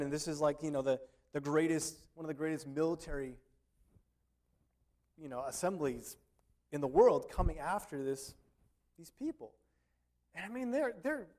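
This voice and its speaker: A man's voice: on the high side, darkish tone. A male pastor preaching a sermon in a conversational way, with many fillers and restarts.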